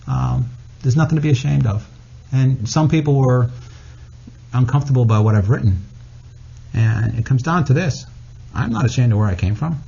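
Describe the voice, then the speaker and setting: A man talking as a podcast guest and author, candid and blunt, telling personal stories with animated delivery. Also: medium pitch, creaky, breathy edge, lo-fi sound. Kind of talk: casual podcast conversation.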